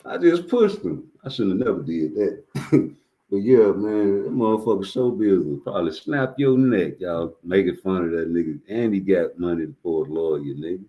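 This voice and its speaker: A man with a fairly low voice hosts a casual livestream. He talks in a loose, rambling, profane street style, telling stories off the cuff. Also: animated, moderate pace, dull audio. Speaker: livestream host.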